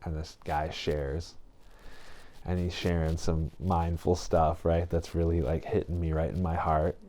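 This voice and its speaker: Low voiced guy on a podcast, rambly, lots of you know and right, acts out the other guys lines. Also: flat delivery, measured pace, warm tone. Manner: acts out other people's lines when retelling. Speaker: podcast guest. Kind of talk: casual storytelling chat.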